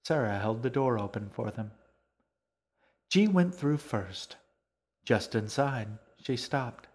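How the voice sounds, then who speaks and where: A man narrating an audiobook in a calm, measured storytelling voice. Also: medium pitch, slightly rough.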